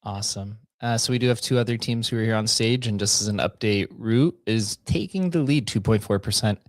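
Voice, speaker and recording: An upbeat male host leads a casual group audio chat and gives quick updates. His voice sits on the low side. The sound is dry and close. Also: no room sound.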